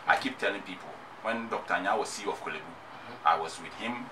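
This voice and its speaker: A man's voice: sits low, quick pace. A man with a Ghanaian English accent speaking as a guest in a radio interview. He talks emphatically and repeats his points. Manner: emphatic, repetitive rhetorical speech. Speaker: musician and activist guest. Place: radio studio. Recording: distant mic, noisy studio.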